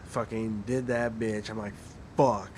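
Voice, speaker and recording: A man's voice: on the low side, steady tone, a little slow, a little mellow, a little hiss or hum. A young man, a podcast guest, chatting casually with profane words and frequent laughter. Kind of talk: casual chat.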